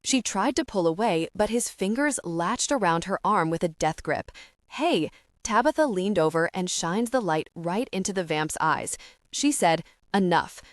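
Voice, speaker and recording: Audiobook narrator, woman, steady storytelling, lower voice, dry close studio sound. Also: normal speed, no echo. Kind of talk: scripted narration.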